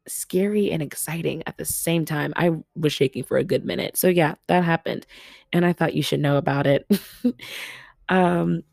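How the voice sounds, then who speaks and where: Hosting a casual solo podcast from her family home, a young Los Angeles woman speaks in a low, gravelly voice, laughing often and bursting into loud exclamations. The recording is close and dry, with no echo.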